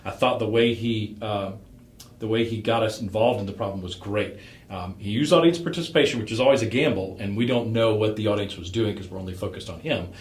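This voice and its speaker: A man giving a relaxed, rambling critique of a startup pitch as a coach. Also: a little fast, echoey room. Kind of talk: conversational critique.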